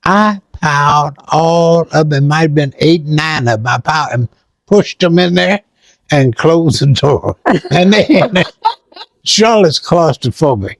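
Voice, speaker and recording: An older man telling stories in an interview, lively and acting out sounds and voices. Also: on the high side, takes it slowly, gravelly, no room sound. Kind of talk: animated storytelling.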